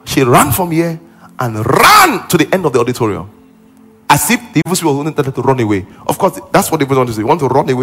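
A man preaching a sermon in a church auditorium, in an animated way that rises to loud commands. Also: mid-range voice, slightly rough. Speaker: pastor. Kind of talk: sermon and deliverance prayer.

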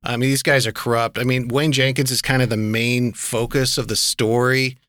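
The recording is studio quality with no room sound, capturing a mid-range, slightly bright male voice delivered flatly at a moderate pace. He's a podcast host reviewing TV in casual chat, rambling with lots of fillers and wry remarks.

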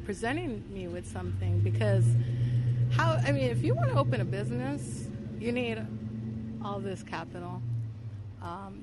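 A woman's voice: mid-range voice, very noisy. Chatty woman telling her story. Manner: filler-heavy, talks with 'like', gets louder and faster when excited. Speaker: podcast guest. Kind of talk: casual interview storytelling.

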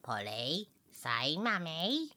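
A woman's voice: low-pitched, huge pitch swings, extremely slow, pushed and bright, exaggerated voice. A woman playing a doting, fussy old lady pet owner in a comedy radio sketch, talking in cooing, sing-song baby talk.

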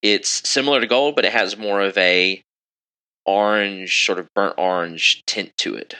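A man's voice: fairly low pitch, normal speed, bright, forceful tone, clear, resonant tone, poor audio. A man narrating a tabletop game as game master, describing scenes with many fillers.

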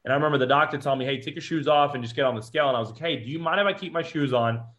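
Fast-talking man telling his story. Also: medium pitch, lo-fi sound. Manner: animated retelling with quoted dialogue. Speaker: police officer. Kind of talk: personal storytelling.

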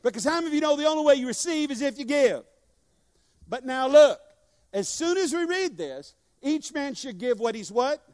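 A man's voice: extremely high pitch, lively intonation, moderate pace, a little mellow. A man preaching a sermon to a congregation, leading call-and-response and joking as he exhorts. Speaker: guest preacher. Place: church sanctuary. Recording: long church hall reverb.

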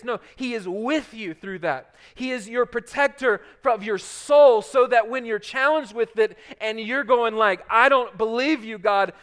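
A middle-aged male pastor preaching a sermon, swinging from loud urgent passages to hushed soft ones. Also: very high voice, smooth.

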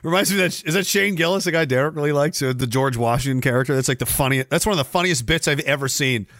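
A man's voice: a little high, fast, fairly bright tone, dry recording, clean studio sound. A man hosting a livestream podcast, ranting sarcastically with a lot of swearing and frequent laughs. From Canada. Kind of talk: profane ranting chat with viewers.

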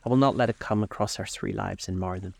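A man reading aloud gives an earnest, hurt painter in a storybook, his low, gravelly voice soft and sincere. The painter sounds devoted and pained. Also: fast, no room sound. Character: devoted, wounded male painter. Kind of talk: audiobook character voice.

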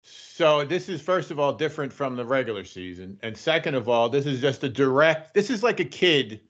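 A man's voice: mid-range voice, expressive, normal speed, fairly bright tone, muffled recording. A man co-hosting a sports podcast, chatting casually with laid-back, agreeable banter. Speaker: podcast co-host.

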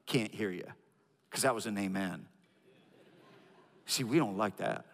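A male pastor preaching a sermon who swings from loud, emphatic highs to quiet, low asides, often repeating words as he builds a point. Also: a little slow, creaky. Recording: long hall reverb.

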